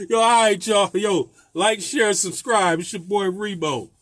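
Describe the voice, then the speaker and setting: High-voiced man telling a storytime vlog. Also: takes it slowly, fairly bright tone, no room sound. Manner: laughing often, profane, rambling. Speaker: landlord telling a story about a tenant. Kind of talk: casual storytime monologue.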